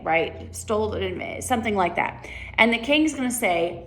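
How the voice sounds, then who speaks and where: A woman's voice: on the high side, animated, a little fast, a bit bright. A woman directing a play rehearsal in a casual way, often checking in with "right?". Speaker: drama director. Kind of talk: rehearsal coaching.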